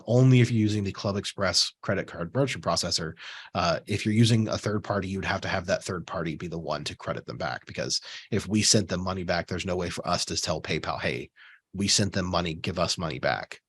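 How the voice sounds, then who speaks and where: Hiccuping as he goes, a software trainer walks through a screen-share tutorial in a laid-back way, full of fillers and side remarks. He speaks with a lowish voice that has a breathy edge, and there's no room sound.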